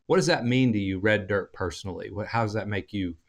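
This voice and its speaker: A man's voice: lowish voice, quick pace. A man with an Oklahoma accent hosting a podcast, chatty and rambling, often restarting his sentences. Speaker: podcast host. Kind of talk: casual interview chat.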